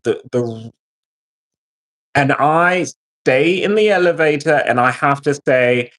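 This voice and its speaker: A military veteran with a medium-pitched voice takes his time, telling stories and ranting to his live-stream chat. His storytelling is animated and profane.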